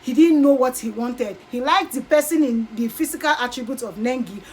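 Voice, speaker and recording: A woman's voice: sits high, fairly quick, darkish tone, husky, rough recording. A Nigerian woman vlogger chatting animatedly as she recaps a show, acting out quotes as she goes. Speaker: YouTube vlogger. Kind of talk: casual gossip recap.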